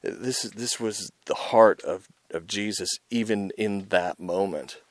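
A man preaching an informal, intense sermon as the host of his show, talking in a conversational way with many asides and rising loud on his emphasis. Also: on the low side, slow pace, dry recording.

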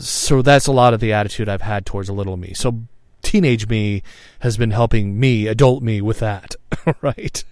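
A man's voice: fairly low pitch, darkish tone, dry recording, clean studio sound. A man of fifty telling a personal story in a frank, reflective monologue, swearing freely and often restarting his sentences. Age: 50s. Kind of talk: candid spoken monologue.

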